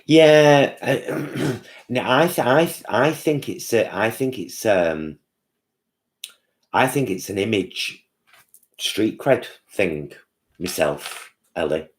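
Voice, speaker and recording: A man's voice: on the low side, expressive, slow, long pauses. A man hosting a casual live-stream chat, chatty and answering viewers' comments by name.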